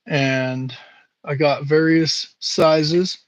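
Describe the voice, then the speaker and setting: A man hosting a casual live stream from his home workshop, talking slowly with many fillers while he works. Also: fairly high pitch, steady tone, no echo, poor audio. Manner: slow, halting, lots of fillers. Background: buffing wheel hum.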